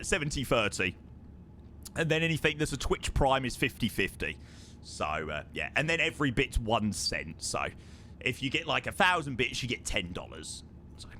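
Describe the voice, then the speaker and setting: A man's voice: a little high, pushed and bright, a little hiss or hum. A young man, chatting casually with viewers on a live stream and thanking them by name.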